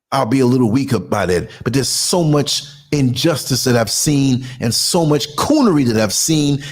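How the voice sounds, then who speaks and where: A man in his sixties who rants with fire and indignation. His voice sits high for a man and swings widely, and he leans hard on every point he makes. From United States. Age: 60s. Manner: fiery, indignant, emphatic. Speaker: podcast host and culture critic. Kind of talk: ranting monologue.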